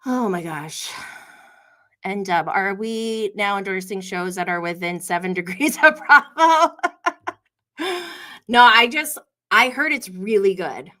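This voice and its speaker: A woman's voice: mid-range voice, expressive, a little slow, pushed and bright. A woman hosting a podcast livestream, chatting casually and gossiping, laughing often as she tells stories. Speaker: podcast host.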